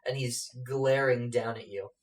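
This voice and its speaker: A man narrating a tabletop game as game master, halting and filling pauses with lots of fillers. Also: mid-range voice, steady tone, distant mic. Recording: echoey room, off-mic.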